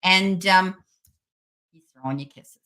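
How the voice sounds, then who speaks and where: A woman giving a personal spirit reading as a psychic medium, speaking gently and reassuringly with frequent pauses. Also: lowish voice.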